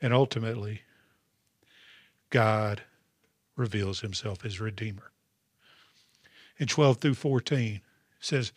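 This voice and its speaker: A man's voice: lowish voice, slow pace, long pauses, breathy edge, no echo, studio quality. A male pastor preaching a sermon, calling out to the congregation for responses. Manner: preaching with call-and-response asides.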